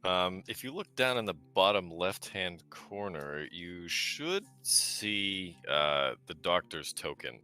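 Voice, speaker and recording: Game master, male, low pitch and a bright tone; measured narration. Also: expressive, smooth, soft background music. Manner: measured descriptive narration with casual asides.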